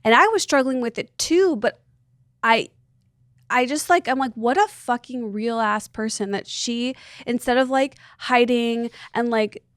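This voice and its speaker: Chatty woman with a high, dry voice. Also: measured pace, no room sound. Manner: rambling, peppered with "like", earnest. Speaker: podcast guest. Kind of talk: casual chat, personal storytelling.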